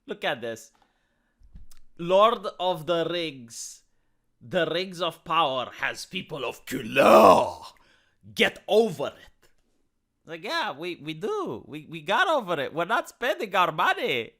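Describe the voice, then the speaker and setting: A man with a high, bright, sharp voice rants in a commentary vlog. He mocks his targets in a theatrical, grandiose way, thick with sarcasm. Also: sing-song, measured pace. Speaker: YouTube commentator.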